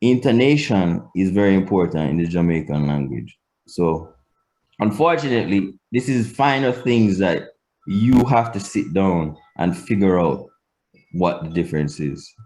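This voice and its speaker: Male teacher, explanatory lesson, unhurried delivery, very lively pitch. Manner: slow, deliberate explaining with demonstrated pitch swings. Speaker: language teacher.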